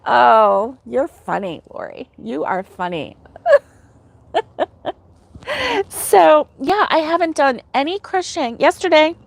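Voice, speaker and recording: A woman's voice: high-pitched, sing-song, unhurried, vocal fry, no room sound. Giggly chatty American woman. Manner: chatty and giggly, laughs often. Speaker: host of a crochet livestream. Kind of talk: casual livestream chat, reading viewer comments.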